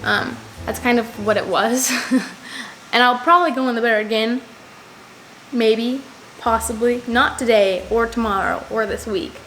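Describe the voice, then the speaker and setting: A woman's voice: on the high side, measured pace, fairly bright tone, a little hiss or hum. A young woman telling a personal story to the camera in a casual, rambling way, full of "like". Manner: rambling, heavy use of "like". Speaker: vlogger.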